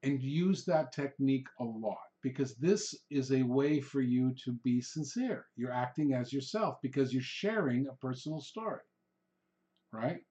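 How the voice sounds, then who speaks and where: Middle-aged male podcast host, conversational teaching delivery, mid-pitched, plays out customer dialogue. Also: unhurried, mellow, highs cut off. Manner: conversational, acts out quoted customer exchanges. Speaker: real estate trainer, podcast host. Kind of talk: instructional talk.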